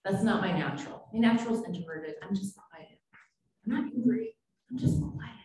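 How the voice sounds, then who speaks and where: A woman's voice: mid-range voice, animated, moderate pace, mellow. A woman psychiatrist giving a conference keynote, talking in a conversational, anecdotal and self-deprecating way. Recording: very echoey hall, distant mic, faint noise.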